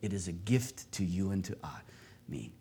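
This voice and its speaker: Emphatic preacher man, loud then soft. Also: sits low, big pitch swings, moderate pace, breathy edge. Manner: emphatic, repeats key phrases, swings from loud to quiet. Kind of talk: sermon.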